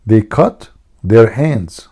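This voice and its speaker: A man hosts a late-night live stream in a rough, gravelly voice with a husky edge. His tone is dark and mellow, and he teases his viewers mockingly as he tells jokes. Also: fairly low pitch, expressive, extremely slow. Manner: mocking, teasing, jokey asides. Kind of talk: live-stream talk, joke telling.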